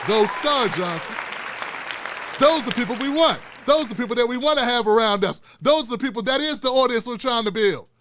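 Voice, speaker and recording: A man's voice: extremely high pitch, expressive, moderate pace, fairly bright tone, some chatter behind. A middle-aged man hosting his own show, delivering blunt, emphatic, profane commentary with lots of repetition. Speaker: show host. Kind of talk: impassioned solo commentary.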